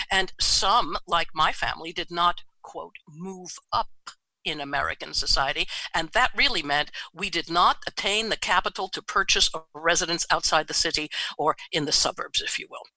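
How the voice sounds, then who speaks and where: A man's voice: fairly high pitch, bright, forceful tone, no room sound, rough recording. A man in his seventies from New York City, telling his life story in a reflective way and often checking in with "right?". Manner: reflective, often adds "right?" tag questions. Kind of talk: personal storytelling talk.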